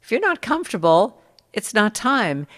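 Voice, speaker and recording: A middle-aged woman in a casual conversation, telling stories and acting out what people said in lively bursts. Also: mid-range voice, moderate pace, big-room sound. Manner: animated storyteller, acts out quotes. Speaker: musician guest.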